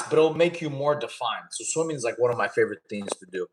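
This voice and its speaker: A man chatting casually with his livestream audience and answering questions, laid-back and quick to laugh. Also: mid-range voice, animated, fairly bright tone, roomy sound, poor audio. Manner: laid-back, chatty, laughs often, addresses chat as y'all. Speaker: streamer answering chat questions.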